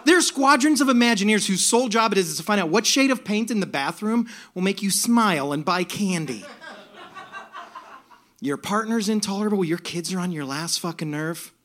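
A man's voice: high-pitched, expressive, fairly quick, fairly bright tone. A man telling a comic story on a live stage, sardonic, with bursts of mock outrage. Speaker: storyteller performer. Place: stage before a laughing audience.

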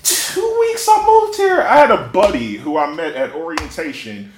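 Animated young male stand-up comic. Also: on the high side, moderate pace. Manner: animated storytelling, profane, self-mocking. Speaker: stand-up comedian. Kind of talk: stand-up comedy set. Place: comedy stage before a live audience. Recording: echoey room, loud noise.

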